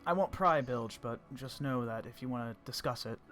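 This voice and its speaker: A man voicing a composed male human commander who speaks in a measured, polite, reserved way. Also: medium pitch, fairly bright tone, soft background music, natural voice. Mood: earnest.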